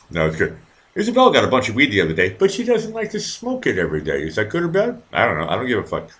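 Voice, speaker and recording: A man's voice: medium pitch, wildly swooping pitch, fast, a bit bright. A man hosting a live stream in a casual, rambling and profane way, reading out viewer comments and sometimes putting on silly voices. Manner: rambling, profane, easily distracted. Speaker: live-stream show host.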